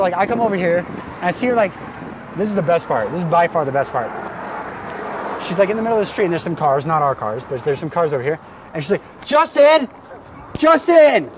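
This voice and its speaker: A man, a guest storyteller, excitedly recounting events on a residential street, peppering his talk with "like" and "right". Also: on the high side. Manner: excited, restless, with many likes and rights. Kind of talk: animated storytelling on location. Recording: outdoor street noise.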